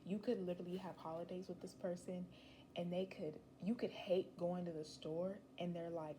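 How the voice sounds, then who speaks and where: A woman's voice: fairly low pitch, little pitch movement, normal speed, dark tone, a little hiss or hum, rough recording. A young woman giving a casual, rambling tarot reading, chatty and slangy with emphatic asides. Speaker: tarot reader.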